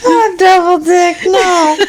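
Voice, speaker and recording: Woman co-host, very slow, giggly casual chat over audible noise. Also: extremely high pitch. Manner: giggly, swearing reactions. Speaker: podcast co-host.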